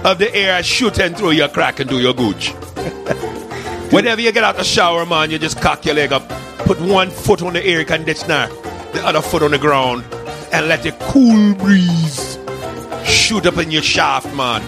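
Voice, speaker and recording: A man putting on a put-on Jamaican accent, playing a laid-back man who croons slowly like a commercial pitchman. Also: expressive, over music. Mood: crooning.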